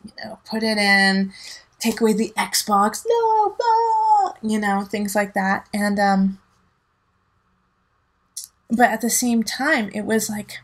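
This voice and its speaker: A woman's voice: mid-range voice, little pitch movement, slow, long pauses, fairly bright tone. A woman, a tarot reader and mother, chatting casually and rambling as she gives a reading, laughing often. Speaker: dance teacher and mother.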